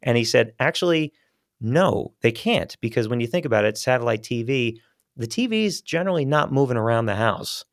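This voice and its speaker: A man who works as a voice actor, chatting in a relaxed, rambling way as an interview guest on a studio microphone. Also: medium pitch, a little fast, dry recording. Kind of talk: casual interview chat. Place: small studio.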